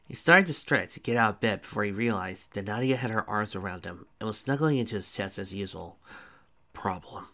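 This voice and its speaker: A man's voice: on the low side, lively intonation, fairly quick, few pauses, pushed and bright. A man casually reading his fan fiction aloud, with small slips. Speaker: storyteller.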